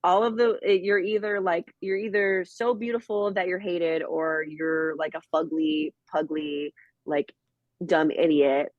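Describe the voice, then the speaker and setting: Animated, outspoken co-host in casual chat; mid pitch, dry, muffled lo-fi sound. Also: no echo. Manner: animated, blunt, rapid storytelling with quoted asides. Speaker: podcast co-host.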